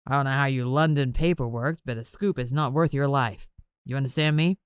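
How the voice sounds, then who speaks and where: A firm, fatherly giant of a man with an eye patch, delivering a stern warning in a deep, dry storybook voice, as a woman reads him. His words come out level and serious. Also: fairly quick, clear, resonant tone, no echo. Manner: firm, scolding.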